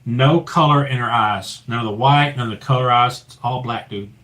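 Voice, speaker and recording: Profane, animated male storyteller. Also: moderate pace, heavy background noise. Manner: profane, animated storyteller who drops to a low hush for the tense parts. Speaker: paranormal investigator guest. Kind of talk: casual storytelling.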